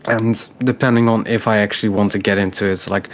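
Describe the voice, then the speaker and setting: An upbeat man chats as a podcast guest, with a somewhat low voice. He laughs often and pauses with "um" as he talks about his goals. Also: little pitch movement, a little hiss or hum. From Netherlands. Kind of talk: casual interview chat.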